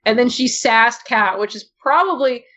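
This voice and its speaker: A woman co-hosting a casual podcast, gushing excitedly and talking fast with lots of "like". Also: on the high side. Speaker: podcast co-host. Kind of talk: casual chat. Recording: dull lo-fi podcast audio.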